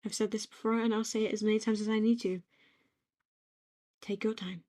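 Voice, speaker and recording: A young British woman gently rambling in a soft-spoken ASMR-style note to herself, reflective and quietly affirming, recorded on a home microphone. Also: medium pitch, little pitch movement, a little fast. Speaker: ASMR creator.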